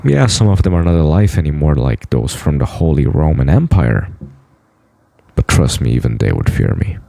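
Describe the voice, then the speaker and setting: A man's voice: extremely low pitch, very animated, moderate pace, vocal fry, dark tone, no room sound. A man in a boastful, blunt, profane monologue to camera. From United States. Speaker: vlogger.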